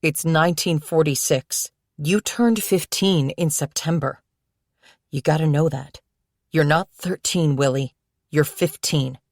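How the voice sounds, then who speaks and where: A woman's voice: low-pitched, unhurried, a little mellow, no echo, studio quality. A woman voicing a weary, desperate one-legged former soldier who pleads with urgent exasperation. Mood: exasperated.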